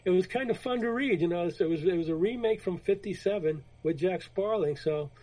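A man with a high yet mellow, dark-toned voice chats casually on a podcast. He rambles through a retold story, restarts his sentences and slips in quoted lines. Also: fairly quick, rough recording. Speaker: podcast co-host. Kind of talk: casual chat about comics.

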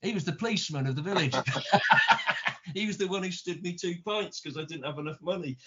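A middle-aged British man with a high, fairly bright voice talks fast, rambling through anecdotes as a guest in a relaxed conversation. He repeats and stumbles over words and swears mildly. The lo-fi recording sounds dull and muffled at the top, with a little hiss or hum.

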